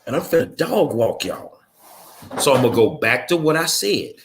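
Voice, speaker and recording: A man's voice: mid-range voice, big pitch swings, moderate pace, a little hiss or hum. A man delivering a blunt, combative monologue full of rhetorical questions, in a streetwise manner. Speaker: political commentary host. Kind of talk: confrontational monologue.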